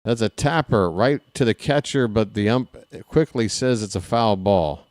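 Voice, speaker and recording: A man calling a baseball game live in a casual play-by-play style, chatty and candid, drifting into personal asides between the pitches. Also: moderate pace, a little mellow, no room sound. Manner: candid and self-deprecating. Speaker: play-by-play announcer.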